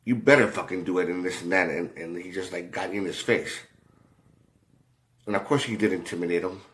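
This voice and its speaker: A man telling a rambling story in a casual way, halting often, with many fillers and restarts and a lot of swearing. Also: low voice, fairly even intonation, fairly bright tone. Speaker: commentator.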